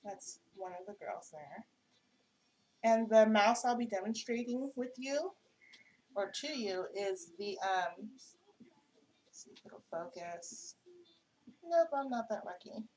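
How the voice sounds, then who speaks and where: Woman showing off her scrapbook bits, chatty and homey, fixes her words midway, mid-pitch voice, faint hiss behind. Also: animated, takes it slowly, pauses often, darkish tone, poor audio. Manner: chatty, homey, corrects herself as she goes. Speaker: craft tutorial host. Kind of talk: casual show-and-tell craft tutorial.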